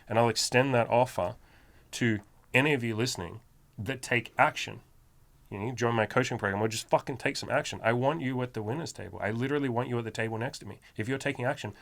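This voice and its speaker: A medium-pitched man, a self-improvement coach and podcast host, delivers motivation in a blunt, emphatic style packed with profanity.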